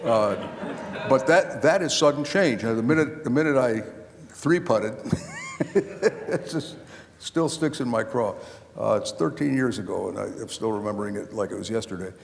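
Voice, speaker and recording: A man's voice: mid-range voice, normal speed, gravelly. An older man, an author and former county official, telling rambling anecdotes with many restarts at a live book talk. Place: lecture hall before a live audience. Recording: long hall reverb.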